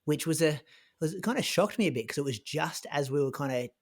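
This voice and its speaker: A man on a podcast, casually retelling a race in a chatty way, full of "like" and quick restarts. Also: on the high side, expressive. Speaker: podcast co-host recounting his race. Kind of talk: casual conversational storytelling.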